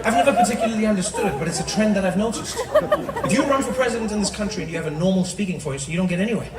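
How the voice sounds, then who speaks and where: Man, stand-up comedian, high voice, arena stage, loud crowd laughter. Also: very fast, heavy background noise. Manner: animated, conversational, builds repetitive riffs. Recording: distant roomy arena audio with roaring crowd.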